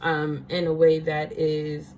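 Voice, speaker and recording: Woman, low deep voice, casual spiritual card reading, chatty, laughs a lot. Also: completely flat delivery, slow, darkish tone, slight background noise, rough recording. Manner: chatty, laughs often, checks in with "right?".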